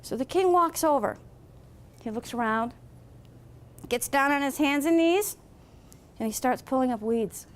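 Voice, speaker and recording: A woman guest speaker telling a parable as an animated storyteller. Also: high-pitched, unhurried, long pauses. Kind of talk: storytelling speech.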